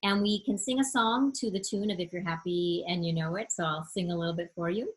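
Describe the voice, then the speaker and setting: A woman educator leading an online webinar for parents, explaining reading games in a friendly, explanatory way and stretching words out slowly to show their sounds. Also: fairly low pitch, slight background noise, rough recording.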